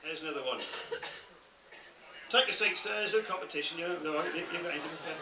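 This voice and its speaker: Jokey Norfolk man, high voice, far off. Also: quick pace. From Norwich, England. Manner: jokey, self-deprecating. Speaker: band member hosting audience game. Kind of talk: comic banter with audience. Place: cruise ship lounge. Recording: echoey room from far off, noisy crowd. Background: crowd chatter and laughter.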